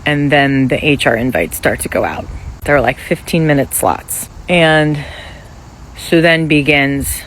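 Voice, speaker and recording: Anxious laid-off worker, casual vlog, rambling, blunt swearing, mid-pitched voice. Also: a little slow, a bit bright, slight background noise, rough recording. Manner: candid, rambling, swears freely.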